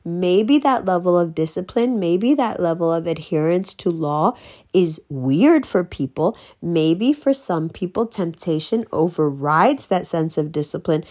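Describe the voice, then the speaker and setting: A woman ranting bluntly in a casual monologue, profane and emphatic, swinging between slow stressed words and fast bursts. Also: lowish voice, animated, darkish tone. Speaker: vlogger.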